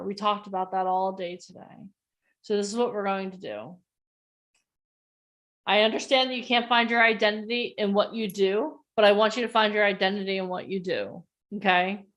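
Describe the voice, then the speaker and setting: A woman coaching participants on a video call, leading a guided breathing exercise and then a motivational talk, speaking calmly and softly at first. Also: medium pitch. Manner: calm and soft in the breathing part. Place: outdoors or near the street in a neighborhood.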